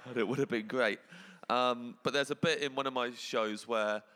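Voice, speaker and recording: A comedian tells tour stories in a bright, forceful voice, his words spilling out with restarts and chuckles. The sound carries a long hall reverb behind him. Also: medium pitch, moderate pace. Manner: animated storyteller, laughing mid-sentence, many restarts. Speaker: comedian guest. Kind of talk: casual chat, telling stand-up anecdotes.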